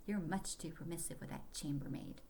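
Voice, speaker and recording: A woman's voice: mid-range voice, very animated, brisk, lightly acted. A woman reading aloud, voicing an arrogant young male British officer who scolds haughtily. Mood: stiff.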